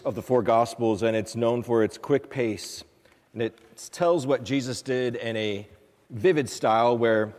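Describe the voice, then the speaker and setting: A man, a priest, giving a relaxed, conversational homily with small fillers and restarts. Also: medium pitch. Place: church. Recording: long church reverb.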